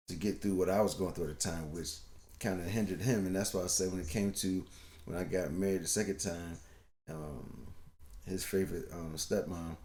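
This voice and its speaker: Middle-aged guy rambling thru family stories, lowish voice, roomy echo. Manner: rambling storyteller, acts out quoted voices. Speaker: podcast co-host, father. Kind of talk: casual storytelling chat.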